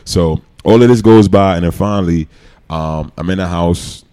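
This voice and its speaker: A man's voice: low voice, normal speed, smooth. A man, a former pro football player telling stories as a guest in a casual interview and acting out the lines he quotes. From New York. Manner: animated storyteller who acts out quoted lines. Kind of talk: casual podcast storytelling.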